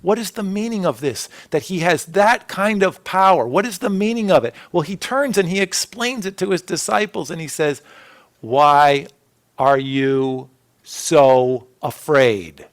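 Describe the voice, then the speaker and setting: A man preaching a sermon as a pastor, earnest, with phrases that swell and then drop to a soft hush. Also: high-pitched, expressive, normal speed, hardly any pauses. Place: church sanctuary.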